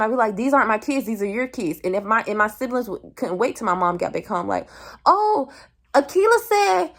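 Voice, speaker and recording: A young woman talks straight to a phone camera in a candid vlog. She speaks bluntly, swears a lot and uses plenty of slang. Her voice sits at an ordinary middle pitch for a woman. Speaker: vlogger.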